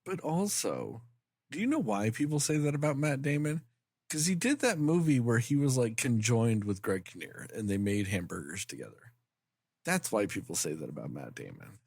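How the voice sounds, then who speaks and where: A woman's voice: rumbling low, big pitch swings, moderate pace, vocal fry, darkish tone, husky, dry recording, studio quality. A woman co-hosting a movie podcast, chatting casually in a blunt, jokey way and swearing freely. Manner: jokey, blunt, swears, does silly voices. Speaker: podcast co-host.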